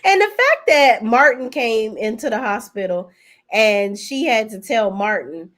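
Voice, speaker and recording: A woman's voice: a little high, lively intonation, unhurried, fairly bright tone. Blunt, salty-mouthed woman reviewer. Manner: blunt, profane, chatty, talks to viewers. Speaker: TV show reviewer. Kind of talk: casual recap commentary.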